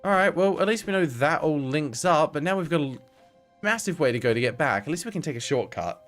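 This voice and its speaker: A man's voice: a little high, lively intonation, fast talker, fairly bright tone, faint music behind. A young man streaming a game, chatting to viewers with wry asides and the odd swear. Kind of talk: casual live-stream gameplay commentary.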